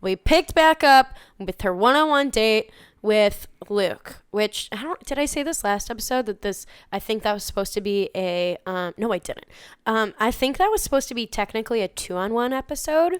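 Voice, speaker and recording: A woman co-hosting a podcast, recapping a reality show in casual chat, animated and acting out quotes, swearing freely. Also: fairly high pitch, normal speed, clean tone, dry recording. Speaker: podcast co-host.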